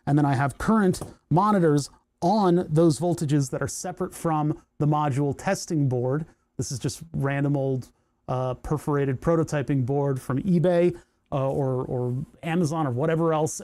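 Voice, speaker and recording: A man's voice: on the high side, warm tone. A man hosting his electronics hobby channel, chatting casually at his workbench in a rambling way with sarcastic asides and many restarts. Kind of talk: casual workbench chat to camera.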